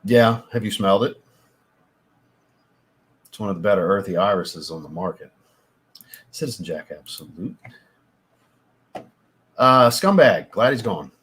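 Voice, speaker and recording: Husky man chatting to viewers. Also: lowish voice, lively intonation, a little slow, long pauses, a bit bright. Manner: chatty, talks straight to viewers, worked up and theatrical. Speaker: fragrance reviewer hosting a livestream. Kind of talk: casual livestream chat.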